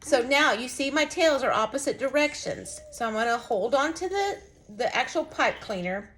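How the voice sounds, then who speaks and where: A woman's voice: high voice, expressive, normal speed, background noise. A woman giving a casual, folksy craft lesson, chatting to viewers as she demonstrates. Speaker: craft instructor.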